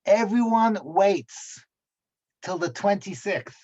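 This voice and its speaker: A man voicing a young woman classmate in a put-on Irish accent, spoken low and subdued. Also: lively intonation, slow pace, darkish tone, highs cut off, heavily acted. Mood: wry.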